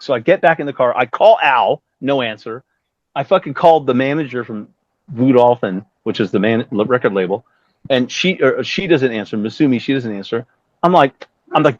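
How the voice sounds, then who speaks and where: A man in his fifties, a guest musician telling a story in a casual interview, acting out what others said and swearing often. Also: dry recording. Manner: animated, acts out quotes with big pitch jumps, swears often. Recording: dry, dull lo-fi audio.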